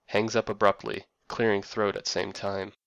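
A man reading a scripted narration with a dry, wry deadpan delivery. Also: fairly low pitch, normal speed, gravelly, no room sound.

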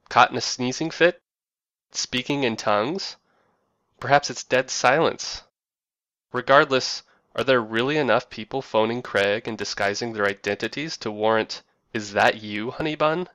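A man reading a scripted narration with a dry, wry deadpan delivery. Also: mid-range voice, moderate pace, no room sound.

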